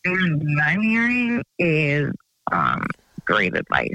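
A woman's voice: sits low, wildly swooping pitch, slow pace, background noise. A woman calling in to a radio show on the phone, chatting in a rambling, giggly way. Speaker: radio call-in caller. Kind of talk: casual phone chat. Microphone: phone line. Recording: lo-fi phone call.

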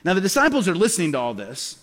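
Racing through a storytelling sermon, this middle-aged pastor uses a strikingly high voice and brings quoted characters to life with lively changes. His words echo with a long hall reverb.

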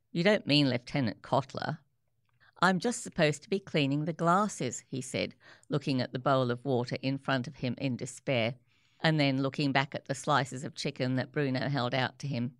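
A radio presenter, introducing guests and reading book extracts in a measured, clear way. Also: mid-range voice, no room sound, studio quality. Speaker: radio show host.

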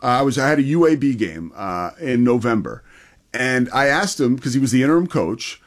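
A man's voice: mid-range voice, expressive, brisk. A man hosting a college football talk show, recounting his interviews with enthusiasm. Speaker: sports show host.

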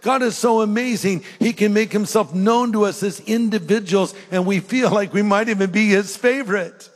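An older pastor with a high voice preaches an earnest sermon at a normal speed, building to fervent emphasis. He's in a large church hall, and the recording carries long hall reverb.

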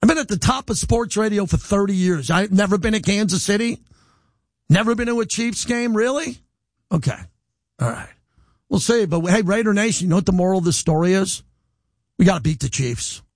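A middle-aged man hosting live sports radio, talking in an animated, defiant, rambling monologue without a script. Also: high-pitched, brisk, no echo, studio quality. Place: radio studio. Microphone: studio microphone.

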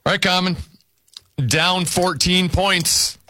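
A man hosting a word game show, briskly announcing scores, clues and whose turn it is. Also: high voice, level tone, bright, forceful tone.

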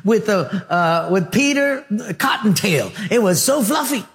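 A man's voice: high-pitched, sing-song, measured pace, a bit bright, exaggerated voice. A man voicing a folksy rural ranch cook with a rural American drawl, plain-spoken and joking. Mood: amused.

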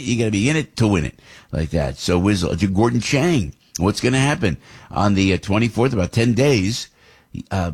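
A deep-voiced man hosts a morning radio show from a studio. He rambles from story to story and acts out the people he quotes, stumbling over restarts. His voice is husky and the sound is dry and close. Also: dry recording. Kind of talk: casual radio talk.

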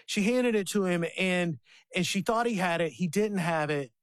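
A man's voice: high voice, normal speed, dry recording. A man, likely in his thirties, hosting a faith radio talk show and telling family stories with many restarts. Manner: animated storyteller, many restarts.

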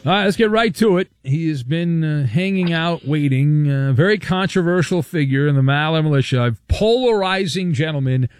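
A man hosting a talk radio show, brisk and teasing as he reads listener messages. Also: fairly high pitch, lively intonation, soft background music. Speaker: radio sports talk host.

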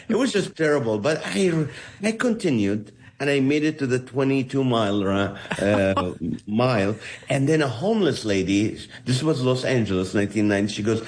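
A man's voice: mid-range voice, normal speed. A middle-aged man, a comedian, telling stories in an interview and acting out the voices of the people in them. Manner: animated storyteller acting out voices. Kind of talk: storytelling in an interview.

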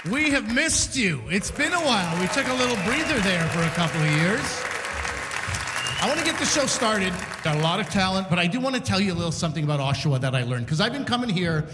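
A man doing stand-up storytelling on a community center stage, animated and acting out scenes. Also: sits high, quick pace, a loud crowd, heavy background noise. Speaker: stand-up comedian. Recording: echoey hall reverb.

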